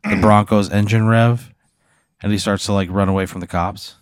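A man hosting and casually narrating an improvised scenario step by step, in a deadpan way. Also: lowish voice, normal speed, clean tone, no room sound. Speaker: host running an improvised scenario.

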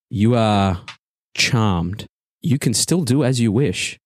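A man narrating a tabletop game as game master, lively and often laughing. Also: on the low side, slow pace, dry recording, clean studio sound.

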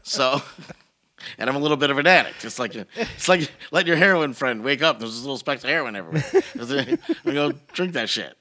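A middle-aged man in a casual chat, ranting and swearing through his stories. His voice is very bright and fairly high, and it swings widely in pitch as he gets worked up. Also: brisk. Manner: profane, animated ranting storytelling.

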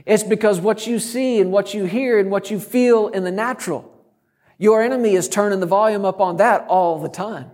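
A man's voice: high voice, moderate pace, darkish tone. A middle-aged man preaching a sermon as a guest speaker, bold and emphatic with touches of humor.

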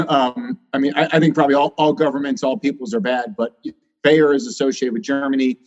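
A man's voice: medium pitch, fairly even intonation. Doctor guy on a podcast, pushy and emphatic, kinda muffled lo-fi audio. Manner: emphatic, fast, many fillers. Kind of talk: interview talk. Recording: slightly dull, lo-fi sound.

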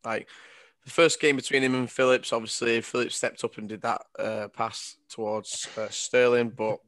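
A man's voice: mid-range voice, level tone, moderate pace, fairly bright tone, no room sound, studio quality. A man co-hosting a football podcast, easygoing and often repeating his opening words. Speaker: podcast co-host. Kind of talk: casual football podcast chat.

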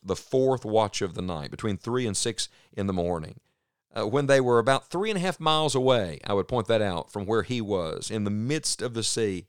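An earnest male preacher delivers a radio sermon in a low, smooth, resonant voice. He is emphatic and drags out the key phrases for weight. The studio sound is close and completely dry. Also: no echo.

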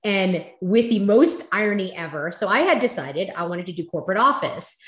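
Animated woman in an echoey room. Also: mid-range voice, moderate pace. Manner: animated, acts out past conversations. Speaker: interview guest. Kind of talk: storytelling in a conversational interview.

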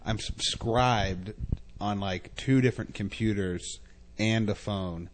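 A man's voice: fairly low pitch, slow pace, a little hiss or hum. A man on a podcast who talks casually and bluntly, with lots of swearing. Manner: profane, blunt. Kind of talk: crude casual banter.

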